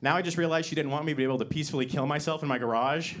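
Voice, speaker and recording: A young man performing a stand-up comedy set on a theater stage, moving from soft, sincere build-ups to loud, excited punchlines into a handheld microphone. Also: a little high, very fast, heavy background noise. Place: theater stage before a live audience.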